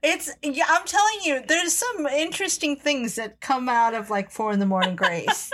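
A woman's voice: high-pitched, moderate pace, a bit bright. A woman co-hosting a podcast in casual chat, playful, laughing often and swearing freely. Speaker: podcast co-host.

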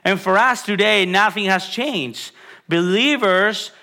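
A male pastor delivering a sermon in an earnest voice that is bright and forward. His pitch sits a little high for a man, and he climbs higher when he presses a point. He repeats phrases for emphasis and often restarts a sentence with an "uh". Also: slow. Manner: frequent restarts and filler "uh".

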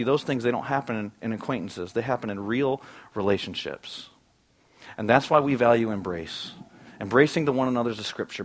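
A man's voice: mid-range voice, fairly bright tone. Man preaching an earnest sermon. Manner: earnest preaching with sudden bursts of emphasis. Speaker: pastor.

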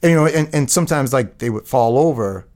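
A man's voice: mid-range voice, lively intonation, fairly quick, a little mellow. A middle-aged man, a guest in a casual interview, talking in a rambling way full of fillers and restarts.

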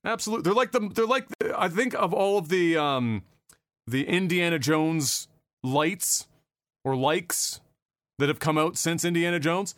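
A talkative man hosts a casual podcast, his voice sitting a little high for a man. He rambles loosely from one topic to the next and swears without a second thought. The sound is close and dry, with no room around it. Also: expressive, unhurried, fairly bright tone, dry recording. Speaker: podcast host. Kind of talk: casual chat.

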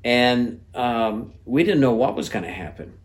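An older man preaching a sermon as pastor, talking in a relaxed, halting way with fillers and restarts, and reading scripture aloud with lively voices for the quoted lines. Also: mid-range voice.

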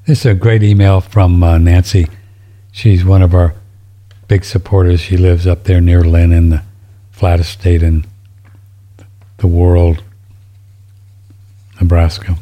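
Low, dark-voiced rambling man. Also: little pitch movement, measured pace, pauses often. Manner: rambling, folksy, easily moved to tears. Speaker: show host reading listener emails. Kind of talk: casual chat.

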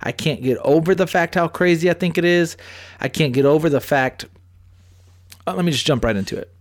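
A man hosting a podcast, telling stories in a crude, animated casual chat. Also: on the high side, brisk. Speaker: podcast host.

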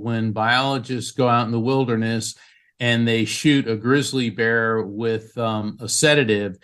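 A man appearing as a guest psychic medium, telling a story in an interview and acting out the people he quotes. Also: mid-range voice. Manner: animated storyteller who acts out quoted speech. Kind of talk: storytelling in a talk show interview.

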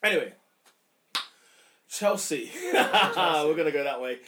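A man in a casual football chat, ranting in an exasperated, animated way. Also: a little high, slow. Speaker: football podcast host.

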